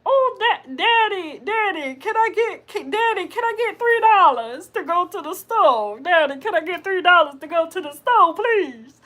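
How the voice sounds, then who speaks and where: A woman voicing a nerdy cartoon boy who pleads with his dad in a high, whiny, drawn-out way. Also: expressive, fairly bright tone. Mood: pleading.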